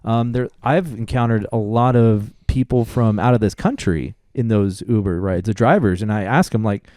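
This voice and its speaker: A man's voice: fairly low pitch, moderate pace, warm tone, no echo, clean studio sound. A man hosting a podcast in casual chat, an easygoing storyteller who asks his guest questions. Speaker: podcast host.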